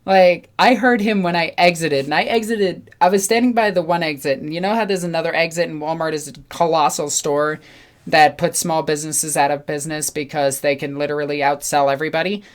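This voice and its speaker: Young woman, casual storytelling, slightly low voice, animated, acts out dialogue. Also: brisk. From New York. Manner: animated, acts out other people's lines. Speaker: channel host.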